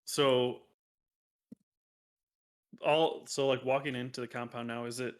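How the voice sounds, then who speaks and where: A man's voice: medium pitch, fairly even intonation, measured pace. A man taking part as a player in a tabletop role-play, speaking in a friendly way.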